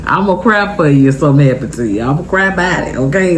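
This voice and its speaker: A young adult woman telling an emotional storytime vlog, tearful and expressive, talking straight to her viewers. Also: low voice, fast talker, hardly any pauses, a little hiss or hum. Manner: expressive, heartfelt, chatty, addresses viewers directly. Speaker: vlogger.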